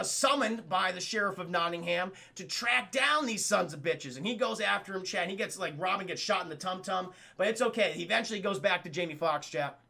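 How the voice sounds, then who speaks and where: Young male streamer, high gravelly voice, bright and excitable, profane, chatty recap. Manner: excitable, profane, keeps addressing chat. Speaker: streamer and film reviewer. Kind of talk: casual live-stream film recap.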